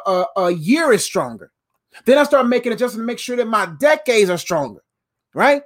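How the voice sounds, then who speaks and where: Guy in his 30s, highish voice, hammering points over and over like a preacher, motivational talk. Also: fairly bright tone. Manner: repetitive, emphatic, preacher-like cadence. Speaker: motivational speaker.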